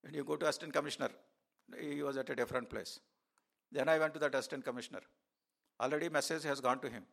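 A man's voice: medium pitch, steady tone, quick pace, creaky, a bit bright. A man preaching a sermon as a pastor, telling a story with many fillers and restarts.

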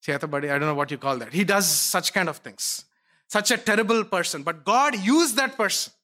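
A man's voice: sits high, lively intonation, a little fast, sharp tone, voice pushed up. A man preaching, voicing a greedy, wavering male soothsayer in a retold scripture story. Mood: scornful.

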